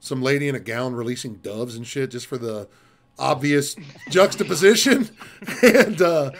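A man's voice: mid-range voice, moderate pace. A man hosting an online open mic comedy show, joking loosely and swearing. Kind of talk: casual hosting banter.

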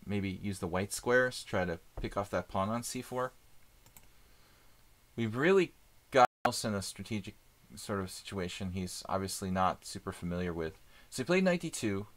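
A man streaming live chess, thinking aloud in casual commentary with many fillers and pauses. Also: fairly low pitch.

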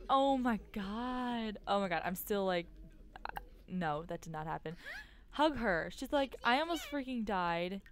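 A woman giving casual commentary while playing a life-simulation game, excitable and quick to gasp and squeal. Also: a little high. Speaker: gaming YouTuber. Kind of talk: casual let's-play commentary.

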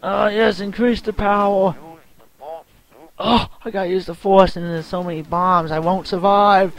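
A man's voice: high-pitched, measured pace, long pauses. A young man giving casual, self-mocking commentary while playing a game, yelping and groaning at it. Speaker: let's play gamer. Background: game music.

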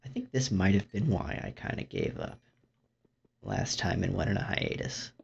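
A man's voice: wildly swooping pitch, moderate pace. A young man commentating his own gameplay in a dry, rambling, self-mocking way. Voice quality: low gravelly voice. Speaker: gaming YouTuber. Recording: dull lo-fi mic.

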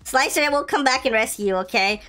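A woman hosting a gameplay video, excitable and playful, laughing often as she comments. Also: fairly high pitch, a little fast. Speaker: gaming video host.

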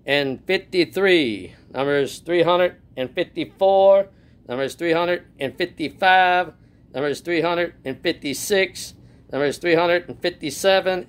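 A man hosting his own doll channel, announcing slowly and deliberately with lots of repetition. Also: on the high side, a bit bright, smooth. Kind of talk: casual video narration.

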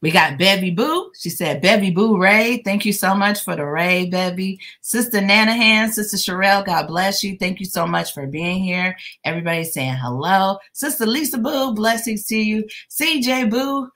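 A woman's voice: medium pitch, moderate pace, hardly any pauses, a bit bright. A woman hosting a casual craft livestream while crocheting. She greets her viewers one by one by name and teases them playfully. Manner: playful teasing with laughter. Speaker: livestream host.

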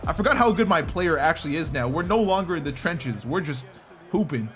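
A young man giving excitable commentary over a basketball video game, often yelping and shouting at plays. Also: fairly high pitch, brisk. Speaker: gaming YouTuber. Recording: game music playing behind.

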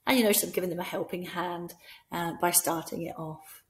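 A woman with a Scottish accent gives practical teaching advice in an instructional tone. She often breaks into a bright, lively voice to act out talking with imagined children. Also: on the low side, brisk. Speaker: teacher trainer. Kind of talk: instructional talk with classroom role-play.

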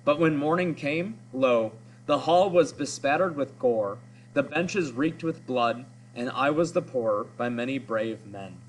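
A man reading the lines of a weary old male king, slow and solemn. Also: medium pitch, animated, slight background noise, close to an everyday voice, low-quality recording. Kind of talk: read-aloud of a story.

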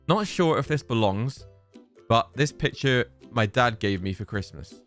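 A man's voice: medium pitch, animated, normal speed, fairly bright tone, faint music behind. A young man giving casual, exasperated reaction commentary and reading posts aloud, with frequent exclamations. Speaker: YouTuber reacting to social media posts.

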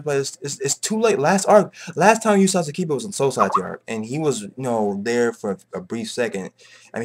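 A man chatting casually in a rambling, profane way, repeating filler phrases and jumping up in pitch when exasperated. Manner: rambling, profane, repeats phrases like "bro" and "you know what I'm saying"; animated, pitch jumps high when exasperated. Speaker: manga commentator. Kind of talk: casual chat.

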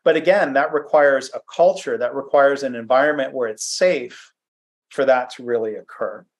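A man's voice: mid-range voice, moderate pace. Brief: man presenting a webinar from his home office, easygoing and self-deprecating, mid-range voice. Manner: conversational, self-deprecating, with fillers and restarts. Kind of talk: presentation with anecdotes.

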